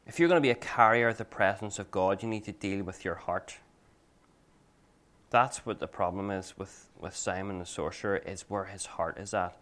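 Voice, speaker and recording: A man's voice: lowish voice, moderate pace, a bit bright. Conversational, earnest male pastor. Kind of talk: sermon with personal anecdotes.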